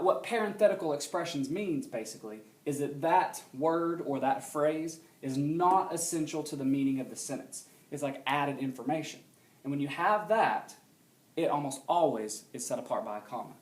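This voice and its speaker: In a classroom recording, a man teaches a grammar lesson, explaining at a steady pace and frequently pausing to check understanding with a quick question. His voice sits on the high side and is slightly mellow, with a roomy sound around it.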